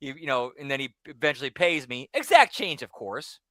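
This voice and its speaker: A man co-hosting a podcast, telling personal stories in a loose, rambling way that often trails off quietly. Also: mid-range voice, very animated, brisk, dry recording, studio quality. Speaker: podcast co-host. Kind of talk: casual storytelling chat.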